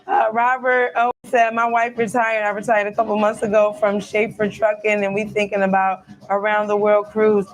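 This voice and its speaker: A woman's voice: mid-range voice, flat delivery, moderate pace, hardly any pauses. A woman hosting a casual live stream from a cruise ship cabin, chatting loosely and talking straight to her viewers. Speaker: live-stream host reading viewer comments.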